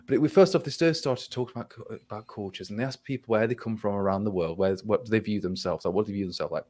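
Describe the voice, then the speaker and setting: A young man from England, speaking with an English accent, recounts a wry tale casually over a video call. His fairly low, slightly mellow voice moves at a quick pace, and he restarts often and quotes exchanges back and forth.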